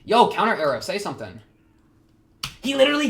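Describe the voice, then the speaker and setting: A young man hosting an anime reaction, talking casually in a rambling, slangy way with excitable outbursts. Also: a little high, normal speed, noisy background.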